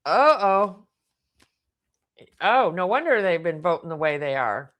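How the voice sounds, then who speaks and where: A woman's voice: fairly low pitch, big pitch swings, unhurried, fairly bright tone. A woman reading tarot cards aloud, thinking aloud and exclaiming as the cards turn up. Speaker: tarot reader.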